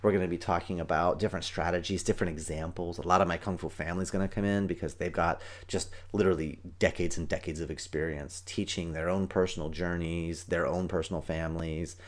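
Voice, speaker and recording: A man hosting a parenting podcast as a martial arts teacher, talking fast and excitedly and acting out what kids and parents say. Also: deep voice. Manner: fast, excited, acts out kids' and parents' voices. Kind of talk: energetic solo podcast talk.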